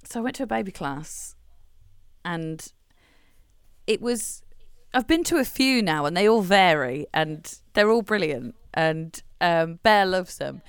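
A woman's voice: on the low side, lively intonation, measured pace, smooth, dry recording, clean studio sound. A young woman from England, co-hosting a podcast, telling stories in casual chat and acting out what people said, laughing often. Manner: chatty storyteller, laughs often, acts out quotes. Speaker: podcast co-host.

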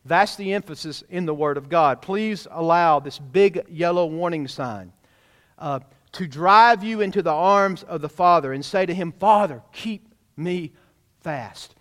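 A man's voice: a little high, moderate pace, a bit bright, big-room sound. A man preaching a sermon as pastor, emphatic and direct, often asking the congregation questions. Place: church sanctuary.

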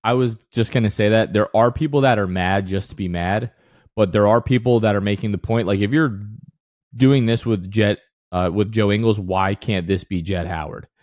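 A man co-hosting a casual sports podcast who talks in animated bursts and rants, then calls himself back down. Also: lowish voice, moderate pace, dry recording, clean studio sound. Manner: animated, ranting then apologizing. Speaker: podcast co-host.

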